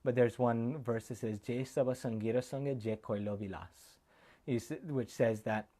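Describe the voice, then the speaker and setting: A man giving a loose, heartfelt sermon as a monk, drifting between personal memories and teaching. He speaks at a middling pitch and often wanders off on side tangents before finding his way back. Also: steady tone, moderate pace, warm tone. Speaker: monk giving a remembrance talk. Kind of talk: informal sermon with personal stories. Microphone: camera recording.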